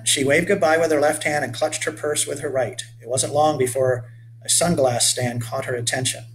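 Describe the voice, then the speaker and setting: A man's voice: medium pitch, normal speed, slight background noise. An older man, the author, reading his children's story aloud and stopping now and then to explain things to young listeners.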